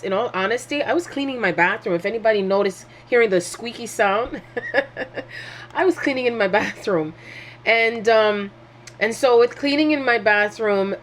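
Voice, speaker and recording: Woman, spiritual teacher, heartfelt, rambling, mid-range voice, faint hiss behind. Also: medium pitch. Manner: heartfelt, rambling, with frequent fillers and restarts. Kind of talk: casual spiritual monologue.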